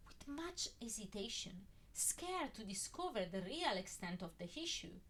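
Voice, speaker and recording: Woman narrating with wide pitch swings. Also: normal speed, hardly any pauses. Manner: expressive, swinging emphasis. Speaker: fan fiction reader. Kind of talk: first-person story narration.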